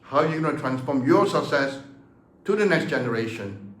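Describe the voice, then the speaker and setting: A man's voice: mid-range voice, expressive, moderate pace, fairly bright tone, echoey room. A man in his seventies, a martial arts teacher talking passionately to the camera, emphatic and fond of rhetorical questions. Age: 70s.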